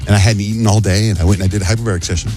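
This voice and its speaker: A middle-aged man hosting a radio show, telling a story in a casual, animated way and acting out sounds and quotes. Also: on the low side, racing, faint music behind. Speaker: radio host.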